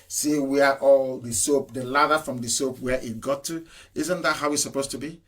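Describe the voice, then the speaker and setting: A man's voice: medium pitch, steady tone, moderate pace, a bit bright. A man delivering an impassioned political broadcast, emphatic and full of rhetorical questions and repetition. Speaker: activist broadcaster.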